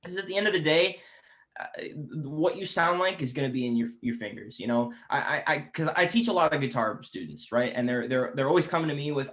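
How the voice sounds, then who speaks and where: A man's voice: a little high, animated, a bit bright. A man in his twenties, a guest musician chatting eagerly and at length, often restarting his sentences. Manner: eager, talkative, many quick restarts. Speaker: guest musician and guitar teacher. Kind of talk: casual podcast chat.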